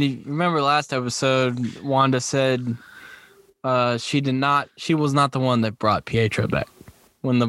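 Podcast host with a dry, close sound. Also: male voice, medium pitch, fairly bright tone, no echo. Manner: steers the talk and asks the others questions. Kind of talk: casual podcast chat.

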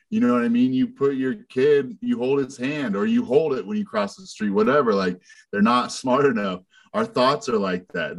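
A man as a guest in a casual conversation, talking directly and using everyday analogies. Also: medium pitch.

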